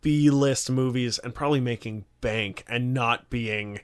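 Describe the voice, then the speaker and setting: A man's voice: medium pitch, a little slow, clear, resonant tone. A man co-hosting a casual podcast, rambling with lots of "like" fillers and reading out panel blurbs. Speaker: podcast co-host. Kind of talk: casual chat.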